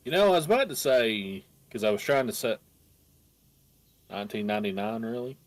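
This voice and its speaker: A man's voice: on the low side, sing-song, a little fast, dry recording. A man playing a game with a friend on a stream, explaining the game and teasing his co-player in a dry way. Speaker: guest co-player. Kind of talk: casual gameplay chat.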